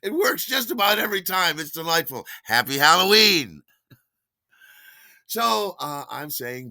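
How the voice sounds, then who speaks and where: A man telling a story in a casual, animated way, delighted with his own tale and acting out quoted lines with big jumps in voice. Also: medium pitch, moderate pace, no room sound.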